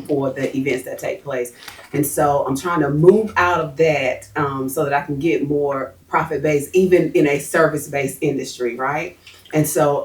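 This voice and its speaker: A woman's voice: low-pitched, darkish tone. A woman in the audience asking the speaker a question, hesitant and thinking aloud. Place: audience in an event room. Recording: distant from the mic.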